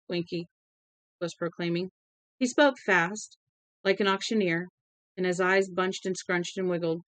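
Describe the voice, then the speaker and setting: A woman narrating an audiobook in a steady, even way, with small self-corrections. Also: lowish voice, unhurried, long pauses, no echo. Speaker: audiobook reader.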